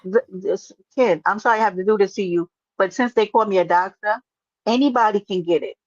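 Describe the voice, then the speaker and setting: A woman's voice: mid-range voice, fairly quick, darkish tone, no echo, highs cut off. A woman hosting a casual livestream, brash and teasing, swearing freely as she talks with a caller. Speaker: livestream host.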